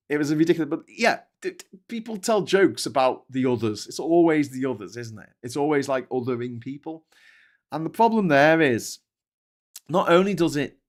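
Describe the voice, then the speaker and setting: A man hosting a casual livestream chat, rambling and ranting, swearing freely and restarting his sentences often. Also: mid-range voice. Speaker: show host.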